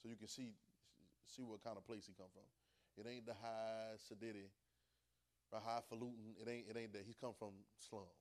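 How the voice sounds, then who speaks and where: Dialect-speaking preacher swinging from soft to loud. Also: male voice, on the low side, little pitch movement, normal speed. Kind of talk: sermon.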